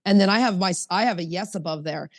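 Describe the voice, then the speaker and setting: A woman's voice: mid-range voice, fast talker, big-room sound. A woman hosting a recovery podcast, speaking emphatically and reading passages aloud from a book. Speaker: podcast host.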